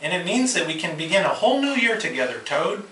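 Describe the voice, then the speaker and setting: A man reading aloud and voicing an eager, cheerful male frog from a children's storybook, calling out brightly. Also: high voice, sing-song, quick pace, heavily acted. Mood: coaxing. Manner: calls out brightly and urgently. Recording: echoey room, far mic, loud party noise.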